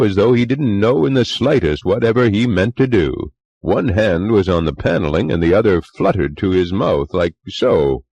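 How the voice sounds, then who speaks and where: A man's voice: deep voice, vocal fry, a little mellow, husky, no room sound, voice pushed up, full character voice. A man reading a story voices a middle-aged clubman who earnestly and wryly tells of a ghost he met. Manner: musing, confiding, wry. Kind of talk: audiobook character reading.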